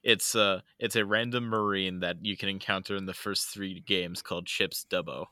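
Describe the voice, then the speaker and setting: Laid-back male co-host, lower voice, bright tone, dry close mic. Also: fairly even intonation, moderate pace, dry recording. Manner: laid-back, laughs often, swears. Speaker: podcast co-host. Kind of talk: casual chat.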